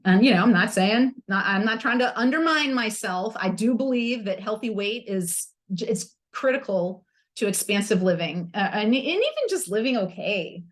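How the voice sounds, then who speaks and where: A woman's voice: medium pitch, animated, moderate pace. A woman hosting a self-help podcast, talking candidly and with humor, using playful slang. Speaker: podcast host.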